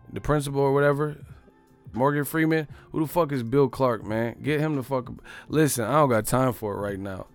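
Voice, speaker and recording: A man hosts a live stream, firing off profane riffs at his chat and breaking into laughter. His voice sits in a middle pitch, dry and close, with faint music behind him. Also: no room sound. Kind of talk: casual live-stream commentary.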